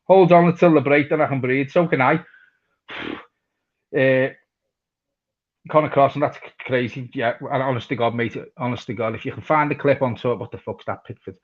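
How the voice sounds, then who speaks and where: Man, football fan host, casual and sweary, reading chat aloud, mid-pitched voice, dull lo-fi audio. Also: moderate pace. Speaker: fan channel host reading viewer comments. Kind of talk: live match watch-along chat.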